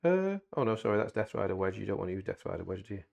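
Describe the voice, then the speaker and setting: A man's voice: lowish voice, big pitch swings, very fast, creaky, darkish tone, highs cut off. A man playing a tabletop wargame, planning moves and trading dry, teasing banter with his opponent in casual commentary.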